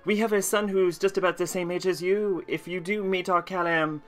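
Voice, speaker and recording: A man's voice: high voice, fairly even intonation, normal speed, pitched above the performer's own voice, natural voice. A man putting on a friendly French neighbor mom. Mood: welcoming. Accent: put-on light French.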